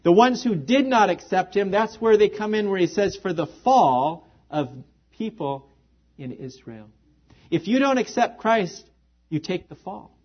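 A man with a notably high voice preaches a sermon, leaning on earnest rhetorical questions to his listeners. The recording is muffled and lo-fi, with a dull top end. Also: lively intonation, measured pace. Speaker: pastor.

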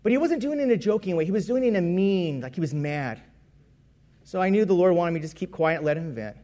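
High-voiced man preaching a testimony. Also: expressive, fast, warm tone. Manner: conversational storytelling with self-corrections. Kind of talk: personal testimony sermon.

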